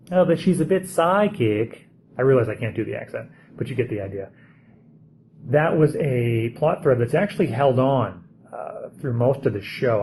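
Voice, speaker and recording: Man in his own relaxed voice, easygoing episode reviewer, thinks aloud, faint background noise. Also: mid-range voice, rough recording. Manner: chatty, thinking aloud with fillers. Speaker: TV show reviewer. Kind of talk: casual spoken commentary.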